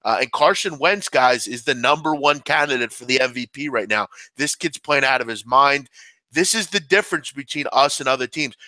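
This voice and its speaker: A man's voice: medium pitch, lively intonation, normal speed, bright, forceful tone, no room sound. A man breaking down a football team in casual sports analysis, talkative and often saying "I mean". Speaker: sports bettor.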